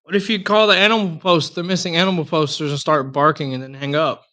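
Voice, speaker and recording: Bright-voiced joking man. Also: on the high side, fairly even intonation, fast. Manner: joking, teasing. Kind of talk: casual podcast chat.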